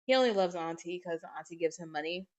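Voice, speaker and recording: A woman hosting a podcast, telling family stories in a casual, animated way and swearing freely. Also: on the low side, quick pace, lo-fi sound. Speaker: podcast host. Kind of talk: casual storytelling monologue. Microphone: podcast microphone.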